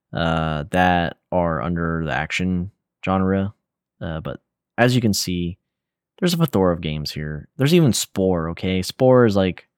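A young man co-hosting a casual gaming podcast, rambling in a relaxed way with lots of fillers and slang. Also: low-pitched, no room sound, clean studio sound. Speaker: podcast co-host.

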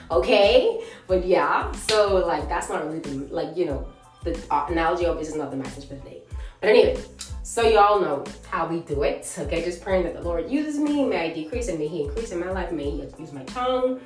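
A woman's voice: on the low side, lively intonation, brisk, roomy sound, far from the mic, soft background music. A woman hosting a devotional podcast, talking in a casual, emphatic and conversational way.

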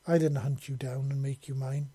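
A man's voice: medium pitch, little pitch movement, normal speed, dark tone, slightly rough, no room sound, natural voice. A man voicing a lovestruck, devoted and possessive female dragon-woman in an audiobook, making earnest, tender declarations. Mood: adoring. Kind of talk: audiobook character voice.

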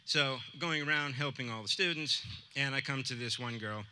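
A man tells a personal story to a live crowd, earnest and chatty, his voice very bright and forward. A faint hum of the room sits underneath. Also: mid-range voice, moderate pace. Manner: earnest, conversational, with quoted dialogue.

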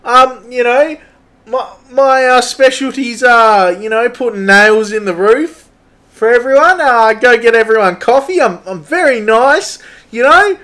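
A man voicing an excitable, cheerful young Australian tradesman who rambles loudly and stammers with an Australian accent. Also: very high-pitched, measured pace, voice pushed up, heavily acted. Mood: hyped. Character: hyped, cheerful young Aussie tradie bloke. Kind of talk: improvised comedy character.

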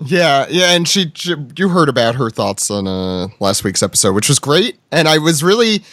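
A rambling male podcast host with a fairly high voice, restarting his sentences and laughing as he goes. The sound is dry and close, with no room in it, and his talk is loose, casual and a little profane. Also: sing-song, normal speed, fairly bright tone, dry recording.

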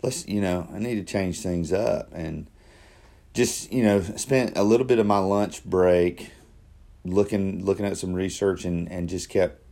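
Low-voiced guy rambling through a casual video diary, lots of restarts. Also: steady tone, measured pace, creaky, dark tone. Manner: rambling, self-correcting, with repeated starts. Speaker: daily video diarist. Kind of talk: casual self-reflective monologue.

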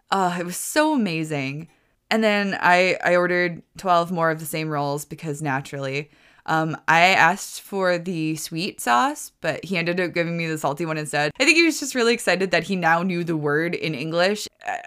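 A woman spins a casual podcast story in a somewhat low voice, rambling along and gushing over the details. Her talk is loose and chatty, peppered with "like" fillers as she goes. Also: a bit bright. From United States. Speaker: podcast host.

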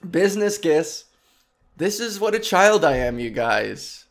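A male podcast host in a loose comedic monologue who rambles and sidetracks himself with self-mocking asides. His voice sits a little high for a man, and he speaks right up on the mic. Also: big pitch swings, a little slow, gravelly. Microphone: podcast microphone close up.

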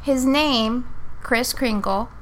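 A woman's voice: a little high, slow, fairly bright tone. A woman co-hosting a casual podcast about a movie, playful and teasing. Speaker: podcast co-host.

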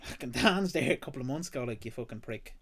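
Fast, sweary Irish man. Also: medium pitch, expressive. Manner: blunt and sweary, mocking. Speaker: podcast co-host. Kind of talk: casual chat.

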